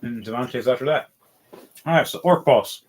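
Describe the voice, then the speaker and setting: A man running a tabletop game as game master, narrating with animated, laughing energy. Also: mid-range voice, normal speed.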